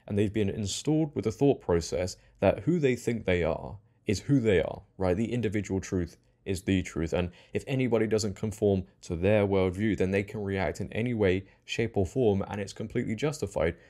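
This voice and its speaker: A man's voice: lowish voice, normal speed, few pauses, warm tone. A young man hosting political commentary in a mocking, sarcastic tone. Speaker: commentary channel host.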